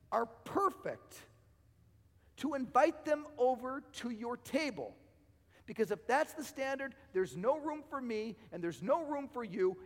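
Male preacher, high-pitched, rhetorical build-ups, voice fraying, hall reverb. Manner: rhetorical, repeats phrases, swings from loud to quiet. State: losing his voice. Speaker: pastor. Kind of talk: sermon. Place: church sanctuary.

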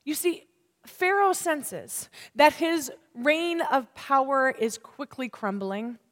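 A woman in her thirties preaching a sermon in an unhurried, emphatic way, often asking the listeners questions. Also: on the high side. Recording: long hall reverb.

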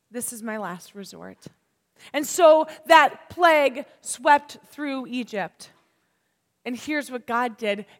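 A woman in her thirties delivers a sermon with a high voice and a slow, deliberate pace. She leans on key words and checks in with her listeners. Her voice carries a long reverb from a large hall. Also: a bit bright. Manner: unhurried and emphatic, asking the listeners questions. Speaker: preacher.

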